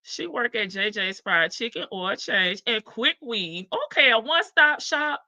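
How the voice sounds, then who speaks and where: A woman's voice: on the high side, expressive, a little slow, bright, forceful tone, no room sound, rough recording. Sassy woman hosting a livestream, laughing. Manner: sassy, laughing, talks to chat. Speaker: livestream host. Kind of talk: casual commentary livestream.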